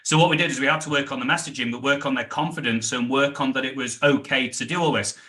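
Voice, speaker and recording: A middle-aged British man, a sales trainer, telling animated stories in a podcast interview and acting out the dialogue. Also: mid-range voice, fast talker. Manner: animated anecdotes, acts out quoted dialogue.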